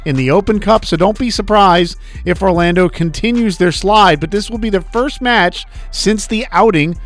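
A man with a notably high speaking voice, talking sports in loose, rambling radio banter. A faint music bed plays underneath him. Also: moderate pace. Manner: chatty, rambling, reads segment rundowns.

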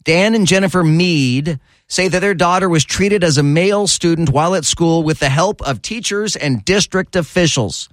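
A man's voice: on the high side, no echo, clean studio sound. A man hosting a talk radio show, speaking in a sarcastic, opinionated way and repeating his points for emphasis. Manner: sarcastic, repetitive, drawn-out emphasis. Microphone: studio microphone.

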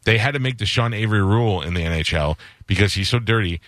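A man's voice: lowish voice, quick pace, a bit bright, dry recording, studio quality. A man hosting a radio show, chatting casually and telling rambling stories, acting out the voices of the people he quotes.

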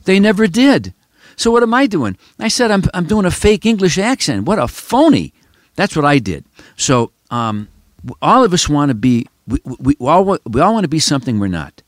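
A man's voice: on the high side, sing-song, moderate pace, no room sound. A man in his seventies from Chicago, hosting a podcast and talking in a rambling, emphatic way straight to the listeners. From Chicago, United States. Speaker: podcast host. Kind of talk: casual reflective monologue.

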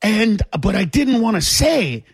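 A man with a high, husky voice holds court as a comedian guest on a radio show. He tells his story excitably, bursting into shouts and laughter, close to a studio mic in a dry booth. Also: unhurried, no room sound.

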